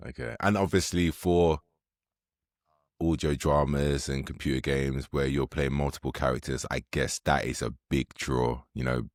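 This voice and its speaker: A man's voice: extremely low pitch, steady tone, moderate pace, dry recording, clean studio sound. A man hosting a podcast interview, asking questions in an eager, casual way. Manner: eager and casual, many short affirmations. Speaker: podcast host.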